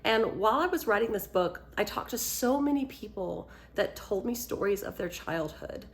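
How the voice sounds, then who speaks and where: A woman author with a mid-range, animated voice tells a personal story at normal speed. She then talks to camera, walking through a product step by step in a casual, encouraging way.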